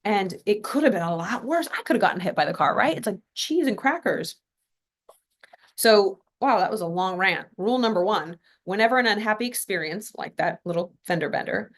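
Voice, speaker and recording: A woman's voice: medium pitch, animated, fairly quick. A woman from California hosting a podcast, telling a story in a casual, chatty motivational talk full of fillers and asides. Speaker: podcast host.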